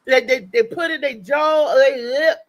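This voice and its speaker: Her voice is high and her pace moderate as she co-hosts a relaxed livestream chat. She tells stories with lots of energy, frequently starting over and breaking into laughter.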